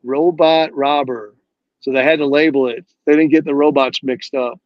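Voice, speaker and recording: A man's voice: medium pitch, fairly even intonation, normal speed, no room sound. Man on dull, dry call audio. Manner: chatty show-and-tell, storytelling. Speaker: guest showing comics. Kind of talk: casual video-call chat.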